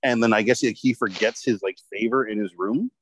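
A man's voice: on the low side, fairly quick, a bit bright, slightly rough, rough recording. A man telling a rambling story in casual chat, swearing heavily and filling his talk with "like.". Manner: rambling, heavy swearing, lots of fillers.

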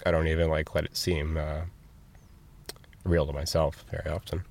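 A young man working as a store cashier, talking candidly and haltingly in an interview, earnest and sometimes emotional. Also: very deep voice, flat delivery, vocal fry, darkish tone.

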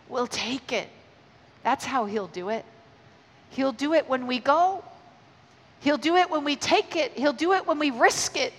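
A middle-aged woman preaching at a conference, telling stories in an animated way with quick restarts. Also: high-pitched. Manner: animated storytelling with stammered restarts. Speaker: conference speaker. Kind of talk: energetic sermon. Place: large hall. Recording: live hall with long reverb.

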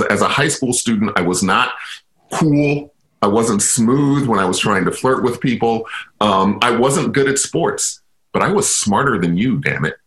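A Chicago man, a university inclusion officer, appears as a guest on a radio interview and tells a personal story in a reflective, self-deprecating way. His voice is lowish with a fairly bright tone.

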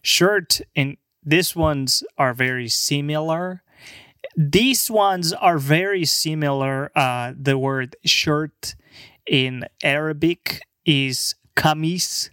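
A young man rambling casually through a word list, halting and stammering, swearing and laughing along the way. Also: on the high side, sharp tone, clean tone, no room sound, clean studio sound. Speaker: language video maker.

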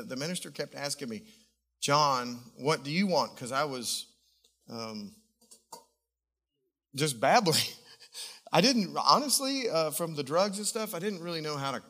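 Male pastor, high-ish forceful voice, emotional animated testimony sermon.

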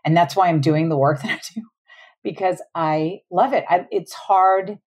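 A woman in her forties with a low, dark, mellow voice. She talks earnestly and casually as a parenting coach on a podcast and laughs often. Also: normal speed, husky. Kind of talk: casual interview talk.

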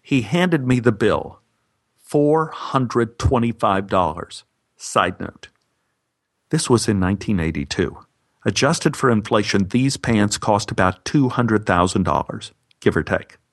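A man tells a personal story for a podcast in a low voice. His delivery is dry and wry, landing the jokes without fuss. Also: animated, unhurried.

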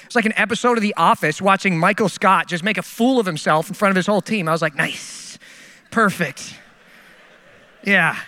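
Middle-aged male pastor, high bright voice, storytelling sermon, reverberant hall. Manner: storytelling, self-mocking, animated.

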